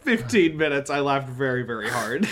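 A man's voice: mid-range voice, big pitch swings, normal speed, noisy background. A man co-hosting a casual podcast chat, building up his jokes with dry, wry timing. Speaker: podcast co-host.

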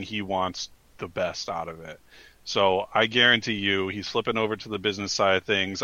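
A man's voice: sits low, bright, forceful tone, no room sound. A man in casual chat as a podcast co-host, earnestly and emphatically recommending things. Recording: slightly dull, lo-fi mic.

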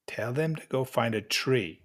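An older man giving gentle, encouraging life lessons to mentees at an unhurried pace with pauses. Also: medium pitch, expressive. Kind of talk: motivational talk to mentees.

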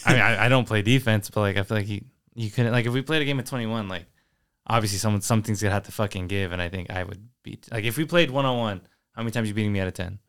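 Podcast co-host, young man, low gravelly voice, talks fast and rambles. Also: fairly bright tone. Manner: fast, rambling, full of filler likes and swearing. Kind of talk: casual chat.

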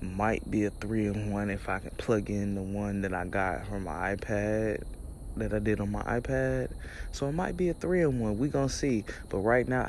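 A man hosting a casual solo podcast, talking loosely in slang with animated swings and cursing. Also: lowish voice, slight background noise. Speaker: podcast host.

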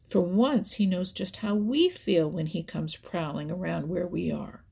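A woman voicing an excited, boastful young male otter in a storybook reading, with a husky, gravelly voice. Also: fairly low pitch, measured pace, heavily acted. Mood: gloating. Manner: eager, boastful, drawls for effect.

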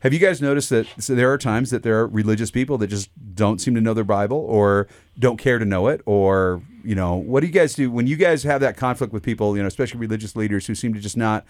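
A man's voice: on the low side, fast talker, hardly any pauses, darkish tone, no echo. A man co-hosting a pastors' discussion show, talking loosely and often restarting his sentences as he puts questions to the others. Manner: rambling, restarts often, leads questions to co-hosts. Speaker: pastor co-host.

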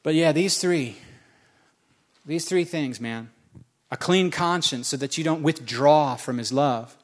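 A male pastor delivers a sermon in a storytelling way, poking fun at himself and hammering home key words through repetition. His voice sits a little on the higher side for a man. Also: measured pace. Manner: storytelling, self-mocking humor, emphatic repetition.

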